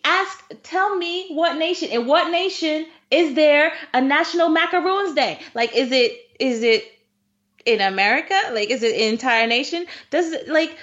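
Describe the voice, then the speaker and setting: A chatty woman co-hosting a podcast, her voice sitting a little high and laughing easily as she rants. The sound is dull and lo-fi. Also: normal speed, a bit bright. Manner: chatty, laughs often, exclaims. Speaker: podcast co-host. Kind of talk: casual chat.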